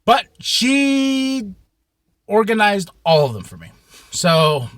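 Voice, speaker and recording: Animated, profane man with a high voice. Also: slow pace, no echo, clean studio sound. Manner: animated and profane, with sudden shouts; rambling, with many repeats and restarts. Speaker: vlogger. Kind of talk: casual storytelling to camera.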